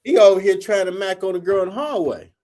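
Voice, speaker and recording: A man's voice: sits high, expressive, fast talker, dark tone. A man in his forties, the host, telling a story casually and profanely, acting out quotes in a raised voice.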